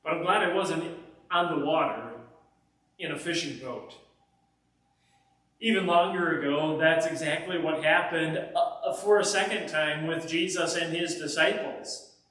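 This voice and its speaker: Male pastor, kids' sermon storyteller, fairly high voice, heavy echo, recorded from far off. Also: a little slow. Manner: animated storyteller addressing kids. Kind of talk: children's message storytelling. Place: church. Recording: echoey church from far off.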